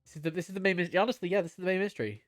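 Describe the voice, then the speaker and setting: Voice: medium pitch, very fast, faint music behind. A young adult streamer chatting casually and playfully with mock-melodramatic flair while playing a game. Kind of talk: casual live-stream commentary.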